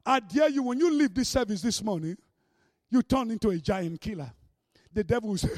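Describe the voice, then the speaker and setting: A man preaching a sermon with great energy, swinging between shouts and hushed mocking asides. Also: sits high, expressive, a little fast, dry recording, clean studio sound.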